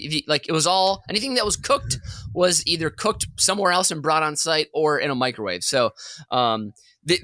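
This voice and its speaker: A man co-hosting a comedy podcast, telling a long workplace story in an animated, rambling way and laughing as he goes. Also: a little high, no echo. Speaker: podcast co-host.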